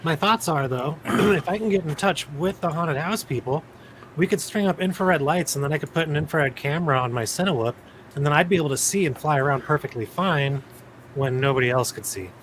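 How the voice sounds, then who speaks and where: A man's voice: a little high, fairly quick, a little hiss or hum, rough recording. A man co-hosting a casual live-streamed drone chat, laid-back and explaining his ideas step by step. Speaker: co-host.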